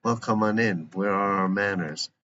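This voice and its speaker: A man reading the lines of a calm, polite grandfather who speaks gently and patiently. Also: fairly low pitch, moderate pace. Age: older. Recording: muffled lo-fi with faint hiss.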